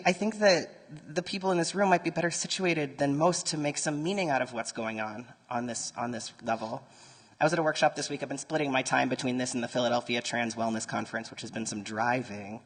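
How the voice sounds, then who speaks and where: A man speaks at a mid pitch to a live audience in a conference hall, his voice trailing a long reverb off the walls. His delivery is conversational and earnest, and he throws quick nerdy asides to the crowd. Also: fairly bright tone. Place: conference room before an audience.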